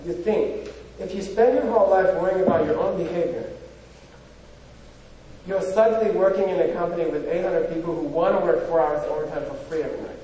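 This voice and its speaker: A man's voice: sits high, brisk, mellow, muffled recording, slight background noise. A man giving an informal spiritual talk, chatty and full of rhetorical questions and "you know". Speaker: spiritual teacher. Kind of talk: informal lecture. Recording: echoey hall from far off.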